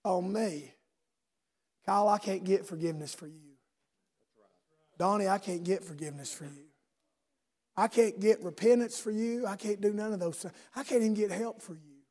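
A man preaching a sermon in a church service, swinging from loud shouting to low intimate speech and firing rhetorical questions at listeners by name. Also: moderate pace, long pauses.

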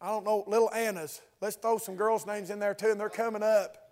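A man's voice: sits high, fairly even intonation, brisk, darkish tone. A man preaching a sermon in church, building with repeated phrases and asides to the congregation.

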